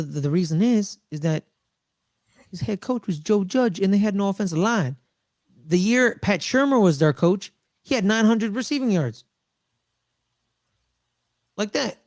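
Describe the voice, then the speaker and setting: A man co-hosting a casual sports podcast, talking excitedly and repeating phrases for emphasis. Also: high-pitched, no echo, studio quality. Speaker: podcast co-host.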